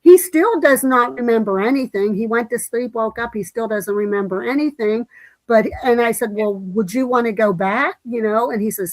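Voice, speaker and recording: Woman, talk show host, higher voice, dry close sound, lively storyteller. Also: moderate pace, no room sound, rough recording. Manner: animated storytelling with quoted voices. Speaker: livestream host. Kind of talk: casual chat.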